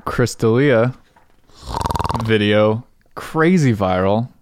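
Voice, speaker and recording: A man working as the podcast's producer, answering in brief, low-key remarks during casual chat. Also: expressive, takes it slowly, noisy background.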